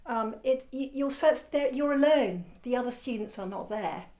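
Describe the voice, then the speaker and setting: A woman's voice: fairly high pitch, normal speed, mellow. A woman art teacher giving a casual, rambling demonstration lesson, encouraging and often correcting herself.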